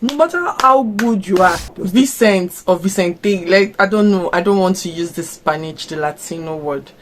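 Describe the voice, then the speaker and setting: Expressive Nigerian woman vlogging reactions. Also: fairly low pitch, moderate pace, slight background noise. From Africa. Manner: expressive, fires off rhetorical questions. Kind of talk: casual reaction commentary.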